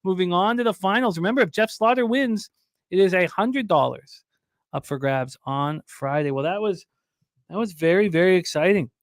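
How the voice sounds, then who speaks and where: Man calling a race with rising excitement, dry. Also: high-pitched, normal speed, dry recording. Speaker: co-host. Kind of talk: casual chat and horse-race commentary.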